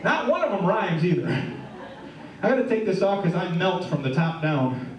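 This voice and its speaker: Heard from far off in an echoey room, a middle-aged comedian works a live crowd, telling jokes and throwing questions at the audience. His high voice has a sing-song lilt at a normal speed.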